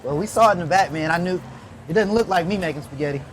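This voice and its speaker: A man's voice: sits high, fast talker, a little hiss or hum. A man in his late thirties, a business owner and interview guest, chatting casually over a meal in an indoor food hall and calling people "man" a lot. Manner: relaxed, easygoing, says "man" often. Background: background music.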